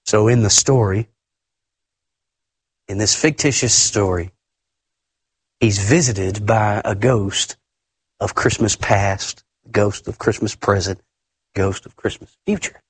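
A man preaching a sermon emphatically, often repeating words and swinging his pitch up and down. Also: slow, pauses often, slightly rough, no room sound.

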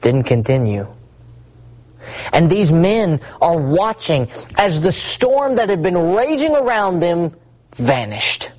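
A man preaching a sermon, swinging between hushed asides and rising, emphatic repetition. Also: on the high side, big pitch swings, slow pace, rough recording.

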